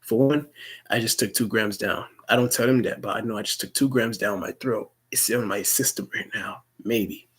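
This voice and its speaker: A young man tells a personal story in a husky, breathy voice that sits on the low side. He rambles casually, swears freely and often trips over repeated words as he restarts his sentences. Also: normal speed, a bit bright. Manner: rambling, profane, stammering restarts.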